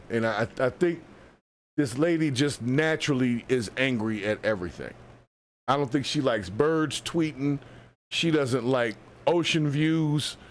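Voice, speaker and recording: A man commenting live on a video he is watching, relaxed and joking. His voice sits at an ordinary middle pitch but moves a lot, rising and falling as he riffs. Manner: wry, chatty, animated. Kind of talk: casual reaction commentary.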